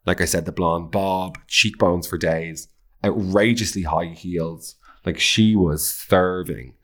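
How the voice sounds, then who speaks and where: A man's voice: low voice, fairly even intonation, slow. An Irish man hosting a podcast, chatting in a camp, gossipy way, swearing freely and gushing over pop culture. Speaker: podcast host. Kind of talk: casual pop-culture chat.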